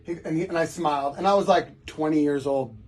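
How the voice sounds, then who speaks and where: A man's voice: on the high side, a little fast, a little mellow. A man in his forties, a tattoo artist, chatting casually and telling a rambling story with many restarts while he works.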